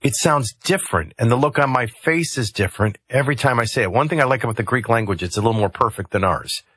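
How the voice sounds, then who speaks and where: A man's voice: mid-range voice, fast talker, a bit bright, breathy edge, no echo. A man hosting a talk radio show, commenting conversationally with rambling asides and hesitations into a studio microphone.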